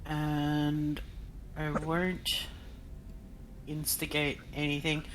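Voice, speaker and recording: A man playing a tabletop game, describing his turn in a measured way. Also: on the high side, monotone, a bit bright, slight background noise, rough recording. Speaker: player. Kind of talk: casual tabletop play.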